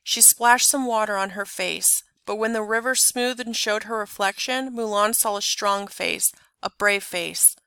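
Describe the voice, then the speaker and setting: A woman reading a children's story aloud in an expressive, clear narrating voice. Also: medium pitch, normal speed, hardly any pauses, no room sound. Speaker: storybook reader. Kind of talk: scripted narration.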